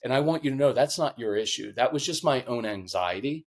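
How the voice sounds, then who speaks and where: A man's voice: medium pitch, brisk. Middle-aged guy on a parenting podcast, earnest, kinda emotional, voice catching. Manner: earnest, emotional, animated storytelling. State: choked up. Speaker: podcast guest, parenting coach. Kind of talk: conversational interview.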